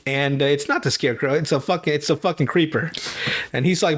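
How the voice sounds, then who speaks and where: A man hosting a podcast, retelling a cartoon episode in casual, profane chat, laughing often and slipping into quick character voices. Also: on the high side. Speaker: podcast host.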